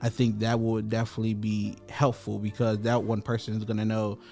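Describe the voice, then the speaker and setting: A young man hosting a podcast in casual chat, giving advice in a measured, thoughtful way with small restarts. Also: on the low side, monotone, creaky, darkish tone, soft background music. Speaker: podcast host.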